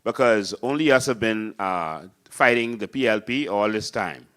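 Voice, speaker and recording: Man, Bahamian accent, political talk host, impassioned and preachy, bright forceful voice, studio audience. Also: on the low side, animated, normal speed. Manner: impassioned, preachy, acts out voters in mocking voices. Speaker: political host and party leader. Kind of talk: fiery political talk show monologue.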